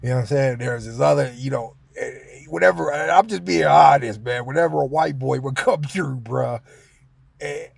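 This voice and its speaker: A man with a gravelly, husky voice tells a casual story in loose, slangy speech. He keeps dropping in filler phrases and chuckles as he goes. His pitch sits in the middle range. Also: normal speed, no echo. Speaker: vlogger.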